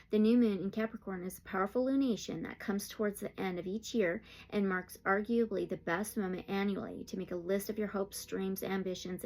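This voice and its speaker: A woman giving a solo tarot reading. She talks in an excitable way, gasps and sometimes drops to a whisper. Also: mid-range voice, gravelly. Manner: excitable, gasping and dropping to whispers. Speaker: tarot reader.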